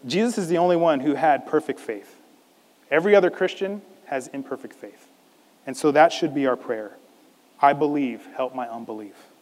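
A man preaching a sermon as a pastor, animated, acting out a scripture scene in different voices. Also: a little high, moderate pace, long reverb tail.

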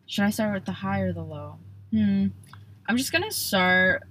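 A woman's voice: medium pitch, lively intonation, normal speed, fairly bright tone, a little hiss or hum. A young woman hosting her own podcast in casual solo chat, bubbly and rambling, often breaking off mid-thought. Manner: bubbly, rambling, self-interrupting. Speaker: podcast host.

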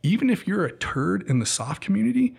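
A man in his thirties telling animated stories as a guest, acting out quotes and saying "dude" a lot. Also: high voice, brisk, vocal fry, breathy edge. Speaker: guest, former military contractor. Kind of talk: casual storytelling.

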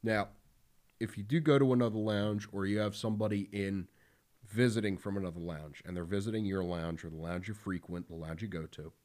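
A man's voice: fairly low pitch, fairly even intonation, fairly quick, darkish tone. A man hosting a podcast in casual talk, blunt and profane, with lots of fillers. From Philadelphia area. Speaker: podcast host.

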